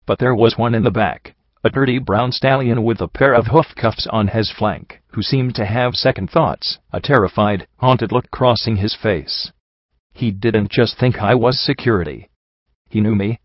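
A man narrating a first-person story in a steady, even storytelling manner. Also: fairly low pitch, a little slow, dry recording. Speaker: audiobook narrator. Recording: dull lo-fi recording.

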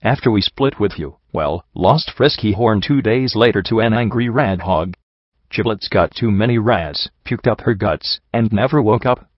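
A man's voice: fairly low pitch, moderate pace, husky, no echo. A man voicing a bitter, injured young female pony who talks in blunt, folksy backwoods grammar, in a dull, slightly muffled recording.

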